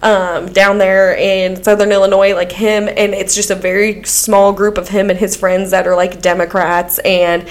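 A woman chatting casually on a podcast, telling stories with lots of laughter. She acts out what other people said, and her voice sits at an ordinary middle pitch. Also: normal speed, few pauses. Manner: animated storyteller, laughs often, acts out quotes. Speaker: podcast co-host. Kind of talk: casual chat.

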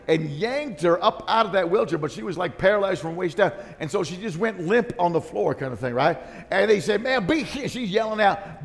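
Raspy-ish preacher guy rambling thru a story, kinda high voice, lots of restarts. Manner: rambling, animated, many restarts and asides. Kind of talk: sermon storytelling. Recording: long hall reverb.

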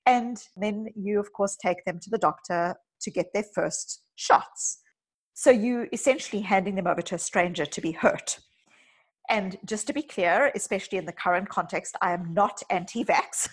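Husky-voiced woman psychologist telling stories. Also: mid-range voice, moderate pace, rough recording. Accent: South African. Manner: storytelling, earnest and emphatic. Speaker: psychologist guest. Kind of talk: podcast conversation.

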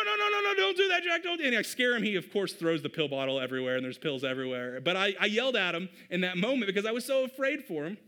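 Pastor, male, thirties, relaxed talky sermon delivery with a bright, slightly high voice. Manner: conversational, addresses the crowd as "you guys".

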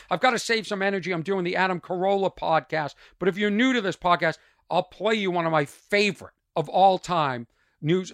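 Guy with a high bright voice doing an exasperated comic rant on his podcast, sarcastic. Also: no room sound. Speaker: podcast host. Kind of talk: comic ranting monologue. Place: small trailer.

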